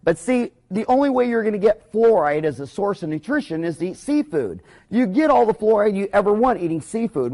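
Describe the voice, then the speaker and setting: A high-pitched man, a dentist, gives a rambling, passionate business talk in a folksy style, frequently erupting into loud, excited bursts.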